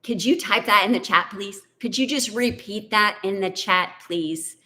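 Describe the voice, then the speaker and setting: A middle-aged woman, a business coach telling a chatty, animated story to a live online audience. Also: medium pitch, measured pace. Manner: chatty, animated, says "y'all" and "like".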